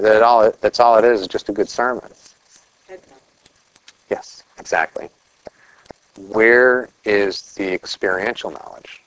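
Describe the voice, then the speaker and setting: A man's voice: medium pitch, no echo, muffled recording. A middle-aged man preaching a conversational sermon, asking rhetorical questions and telling anecdotes. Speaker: pastor.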